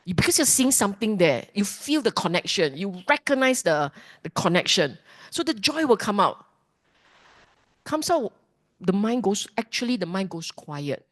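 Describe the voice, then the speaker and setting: A woman teaching a dharma class, lively and emphatic, often putting questions to the class. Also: medium pitch, normal speed. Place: class hall.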